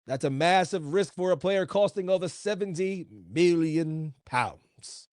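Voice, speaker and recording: A man hosting a solo football podcast. He talks in an animated, playful way, using slang and rhetorical questions. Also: a little high, measured pace, no room sound, studio quality. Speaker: podcast host.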